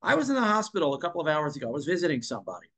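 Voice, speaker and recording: A man's voice: on the high side, very animated, racing, a bit bright. A man telling a story in a casual monologue, emphatic, repeating and stumbling over words at times. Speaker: online commentator.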